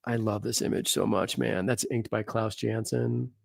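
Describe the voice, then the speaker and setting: A man's voice: lowish voice, fairly even intonation, normal speed, vocal fry, dry recording. A man who is a comic artist, hosting a casual, enthusiastic chat about comics, full of slang and casual swearing.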